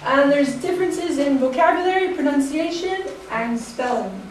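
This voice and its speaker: An American woman teaching English, giving a slow, deliberate classroom presentation and laughing lightly between points. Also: high voice, expressive, very echoey, recorded from a distance, slight background noise, low-quality recording. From United States.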